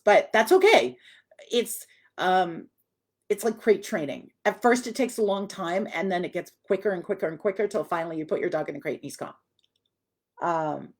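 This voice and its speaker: A woman dog trainer giving a live online lesson, chatty and direct, now and then putting on a voice for the dog. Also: mid-range voice.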